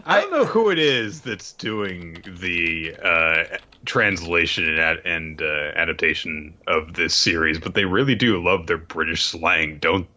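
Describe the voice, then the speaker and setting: Deep bright-toned man making dry jokes. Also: lively intonation, unhurried. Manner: dry joking asides. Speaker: podcast co-host. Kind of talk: casual chat.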